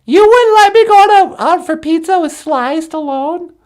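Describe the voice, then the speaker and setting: A woman's voice: extremely high pitch, lively intonation, measured pace. A performer voicing a cheerful, giggly young woman who teaches Ojibwe words. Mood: eager. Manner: bright, giggly, eager.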